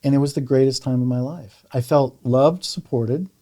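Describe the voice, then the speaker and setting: Middle-aged man, podcast guest, mellow dark voice, animated storytelling, swears casually. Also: mid-range voice, moderate pace.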